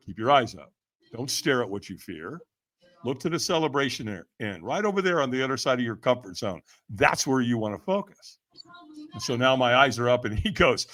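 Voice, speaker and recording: A man telling a story animatedly in casual speech, acting out the voices of others and laughing often. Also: medium pitch. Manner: lively, acts out quoted voices, laughs often. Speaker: podcast guest, firewalk trainer.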